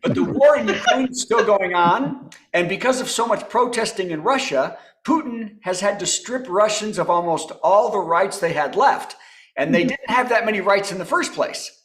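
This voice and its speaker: A man's voice: high voice, lively intonation, normal speed, a bit bright. A man hosting a comedy show over a video call, telling topical jokes and chuckling at his own punchlines. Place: home apartment.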